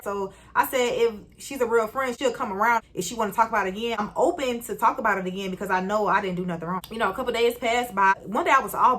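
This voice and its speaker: A young woman vlogger telling a personal story in a chatty, slangy way, speaking straight to her viewers and jumping up in pitch when she acts out greetings. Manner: lively, jumps high when retelling greetings. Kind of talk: casual storytime.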